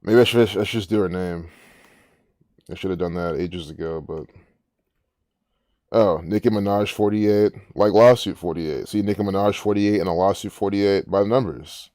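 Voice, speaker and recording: A man's voice: sits low, moderate pace, warm tone, no room sound, clean studio sound. A man hosting a casual commentary, rambling and musing aloud with frequent restarts. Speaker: gematria channel host.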